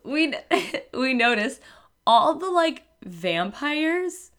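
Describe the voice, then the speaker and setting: A woman's voice: high-pitched, drawn-out words. A young adult woman co-hosting a podcast, chatting casually and rambling with lots of fillers. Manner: animated, rambling with many fillers. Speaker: podcast co-host. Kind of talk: casual chat.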